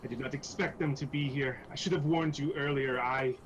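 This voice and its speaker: A man's voice: medium pitch, level tone, normal speed, a little mellow, slight background noise, close to an everyday voice, poor audio. A man voicing a distraught, guilt-ridden female jungle guide who stumbles and repeats her words.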